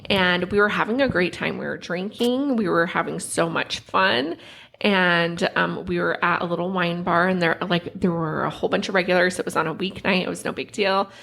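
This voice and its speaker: Gravelly-voiced woman telling a story. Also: lowish voice, normal speed. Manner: animated, lots of "like", acts out quotes. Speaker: podcast co-host. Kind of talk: casual storytelling chat.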